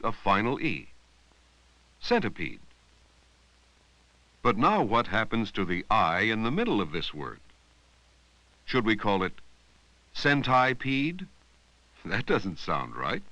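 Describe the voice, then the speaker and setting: A man narrating an old educational film about reading long words, speaking slowly and deliberately and stretching out words to show their sounds. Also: lowish voice, pushed and bright, dry recording, poor audio. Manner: slow, deliberate, drawing out words to teach sounds. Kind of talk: scripted instructional narration. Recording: dry, close voice-over from an old 16mm film.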